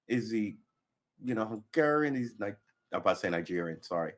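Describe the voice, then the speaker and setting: A man's voice: on the low side, expressive, normal speed, pauses often. A man reading news articles aloud on a livestream, stumbling over the text and adding sarcastic asides. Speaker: livestream host.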